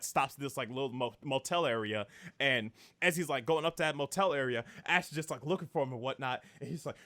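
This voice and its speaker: A man hosting a podcast, casually retelling an anime plot with many fillers and acting out characters' lines in quick bursts. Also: fairly high pitch, a bit bright. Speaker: podcast host.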